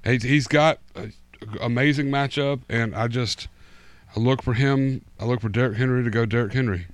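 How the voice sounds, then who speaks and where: A man's voice: mid-range voice, fairly even intonation, normal speed, no echo. A man co-hosting a casual fantasy football podcast in a laid-back, joking way. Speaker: podcast co-host.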